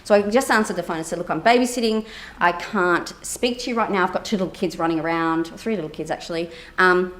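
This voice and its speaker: A woman therapist giving a conference keynote, telling a personal story in a lively way, acting out quoted dialogue with many fillers. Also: fairly low pitch, fast talker, few pauses.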